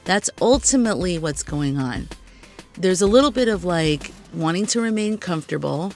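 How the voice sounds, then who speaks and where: A woman's voice: fairly low pitch, lively intonation, normal speed, darkish tone, soft background music. A woman hosting her own podcast, talking casually and reflectively with lots of "like" and "you know". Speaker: podcast host. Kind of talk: casual solo podcast talk.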